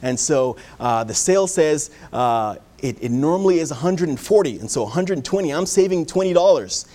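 A male pastor preaching in a church. He tells folksy stories and keeps leaning on "uh" and "and so". His voice sits a little higher than most men's. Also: animated, a little fast, dark tone. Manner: folksy storytelling with many fillers. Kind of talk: sermon.

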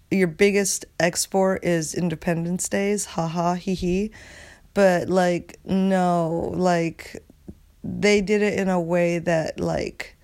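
A woman's voice: on the low side, a little mellow. A woman hosting a solo podcast, ranting casually in a rambling way, swearing often and full of filler words. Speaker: podcast host.

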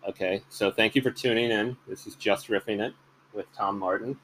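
Rambling low-voiced male podcast host. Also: steady tone, normal speed, a bit bright, slight background noise, low-quality recording. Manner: rambling, hesitant, many fillers and restarts. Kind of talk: casual monologue.

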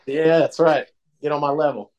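A man co-hosting a podcast, chatting casually and telling profane, animated jokes. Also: fairly high pitch, moderate pace, highs cut off. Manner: animated, profane joking storyteller. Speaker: podcast co-host.

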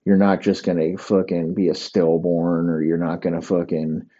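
A man with a low, very dark, mellow voice delivers a rambling, profane comic rant as a podcast host. The recording sounds dull and lo-fi. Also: flat delivery, normal speed. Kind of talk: solo comedic rant.

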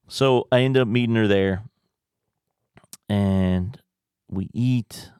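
A man's voice: on the low side, normal speed, darkish tone, no room sound, studio quality. A man casually telling a rambling, profane personal story on a podcast, often tagging his lines with questions. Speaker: podcast host.

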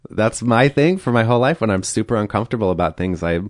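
A man's voice: fairly low pitch, lively intonation, quick pace, no room sound, studio quality. A man talking as a podcast guest, telling a personal story candidly and acting out what people said, with nervous laughs. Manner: frank, uses quoted dialogue and nervous laughs.

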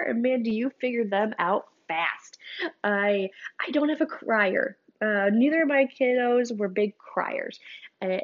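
A woman in her thirties chats about parenting with a mid-range voice full of vocal fry. She loops back and restarts her phrases as she talks. The recording sounds dull and lo-fi. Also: mid-range voice. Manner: chatty, repeats and restarts phrases. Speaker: parent giving advice. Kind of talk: casual parenting talk.

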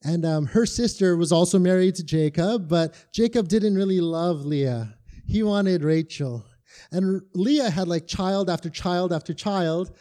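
A man's voice: high-pitched, measured pace, mellow. A man giving a casual, conversational sermon full of rhetorical questions and fillers. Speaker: preacher.

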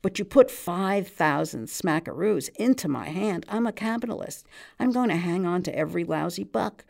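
A woman voicing a nervous, eager male New York barman, earnest, excitable and streetwise. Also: high voice, normal speed, gravelly.

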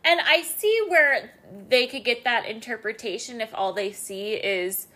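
A woman's voice: a little high, a little slow, sharp tone. A young woman co-hosting a casual recap chat, laughing often and hedging her opinions. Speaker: podcast co-host.

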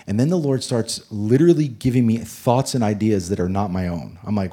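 A man preaching a sermon, telling a personal story in a lively way that swings between loud and hushed. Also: lowish voice, moderate pace, hardly any pauses, breathy edge. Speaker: pastor.

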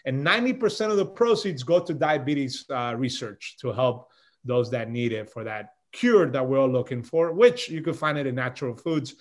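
A middle-aged man, a podcast guest and chef, telling a story in a loose, animated way and peppering his talk with "bro" and "man". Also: mid-range voice, normal speed. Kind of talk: casual storytelling chat.

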